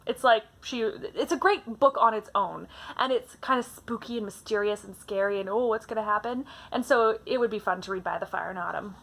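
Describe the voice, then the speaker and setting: A young woman from Canada chatting casually about her favourite books, animated and full of fillers. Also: medium pitch, fairly quick, vocal fry. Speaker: book vlogger. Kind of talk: casual book tag chat.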